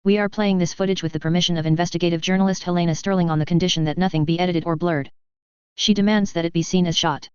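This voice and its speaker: A quick, formal newscaster, read by a woman narrator. The voice is very clear and low-ish. The audio is dry and slightly dull. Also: steady tone, dry recording, lightly acted. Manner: brisk, formal. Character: brisk news broadcaster giving a warning.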